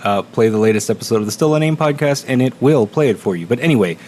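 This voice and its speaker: A man's voice: medium pitch, expressive, quick pace, darkish tone, slight background noise. A man co-hosting a podcast, talking casually in a small studio, rambling and laughing often with lots of fillers. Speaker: podcast co-host. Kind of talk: casual chat.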